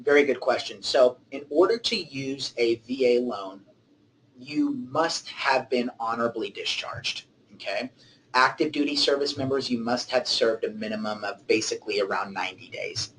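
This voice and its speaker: A man's voice: medium pitch, fairly bright tone, slight background noise, low-quality recording. Man explaining loans with "okay?" check-ins. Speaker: mortgage originator. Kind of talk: webinar presentation.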